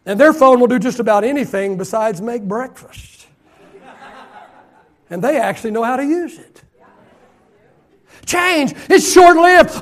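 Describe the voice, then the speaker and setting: The speaker is a middle-aged pastor whose sermon is carried by a strikingly high voice for a man. Loud, shouted emphasis gives way to soft, murmured asides, and he lingers over key phrases, drawing them out slowly to press the point.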